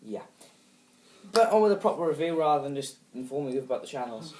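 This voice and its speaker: A man's voice: a little high, very animated, quick pace, a little mellow. Chatty young British man, echoey room. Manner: chatty and earnest, trying to steer the talk. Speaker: film reviewer. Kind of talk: casual chat. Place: indoor room. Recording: echoey room with faint background noise.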